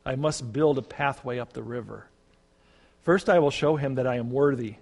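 A man's voice: medium pitch, normal speed, vocal fry, a little mellow. A man doing a determined, toiling brother. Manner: determined, earnest. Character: desperate brother trying to earn his way home. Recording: long reverb.

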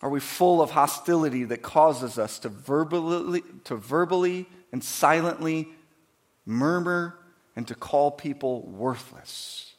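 A pastor delivering a sermon, moving between quiet, conversational asides and loud, emphatic preaching, acting out quoted voices. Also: male voice, a little high, measured pace. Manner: acts out quoted voices dramatically.

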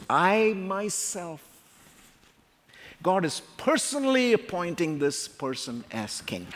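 Emphatic male preacher in a reverberant hall. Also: fairly high pitch. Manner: emphatic, slows to stress quoted scripture. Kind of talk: expository sermon.

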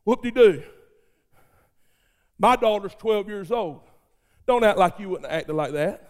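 An impatient, desperate father pushes a crowd aside, as a preacher voices him. He sounds hurried and pushy, with a very high voice. A long reverb trails after his words. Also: expressive, darkish tone. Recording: long reverb of a large hall.

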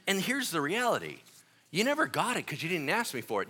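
Casting note: male pastor, young adult, lively sermon delivery, bright forceful tone, swings widely in pitch. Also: fairly quick, breathy edge. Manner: animated, joking storyteller with voiced asides.

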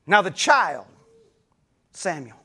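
A male pastor delivering a dramatic sermon. His voice is very high and full of pitch swings. He moves from near-whispers to shouts. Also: sing-song, takes it slowly, slightly rough. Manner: dramatic, shifting between hushed and shouted.

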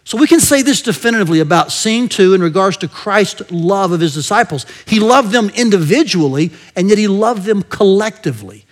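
High-voiced man preaching a conversational sermon. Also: lively intonation, fairly quick. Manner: engaging, asks the listeners rhetorical questions often; drops to a soft murmur at the end of many phrases.

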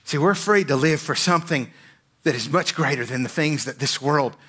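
A male pastor delivering a Sunday sermon in a high, bright, ringing voice. He is earnest and emphatic, often checks in with "right?", and lets the ends of his phrases fall slow and low. He is preaching in a church. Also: husky.

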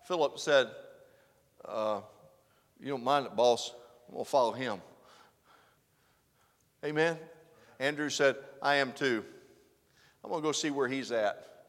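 A man preaching a sermon, swinging from loud exclamations to hushed, earnest lines. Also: medium pitch, animated, unhurried, long pauses. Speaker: pastor. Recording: preaching in a reverberant hall.

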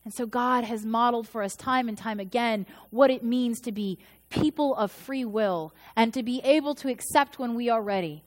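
A woman's voice: a little high, moderate pace. A woman in her thirties, a pastor, preaching a sermon in a storytelling way and acting out the voices she quotes. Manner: storytelling, acts out quoted voices with shifts in loudness.

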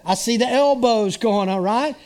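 A man's voice: very high voice, normal speed, darkish tone. A man in his sixties preaching a sermon as pastor, conversational and full of rhetorical questions to the congregation.

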